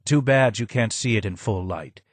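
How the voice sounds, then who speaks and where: A man doing a hoarse, broken old man. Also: lively intonation, dry recording. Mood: grim. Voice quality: low and hoarse. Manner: slow, heavy, grave. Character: broken, hidden old man, sad and wary. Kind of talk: audiobook character voice.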